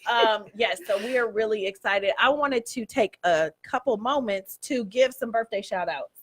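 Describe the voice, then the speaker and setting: A woman co-hosts a faith radio show, talking casually and giving shout-outs to listeners. She laughs easily, and her voice sits a bit high. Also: normal speed, slightly rough. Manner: chatty, laughs often, gives shout-outs. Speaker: co-host.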